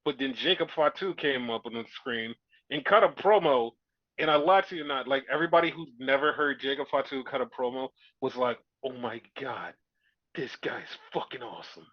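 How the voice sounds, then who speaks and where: On a dull, dry, lo-fi recording, a podcast co-host with a medium-pitched voice talks fairly quickly. He recaps a show in rambling, profane chatter, acting out what people said.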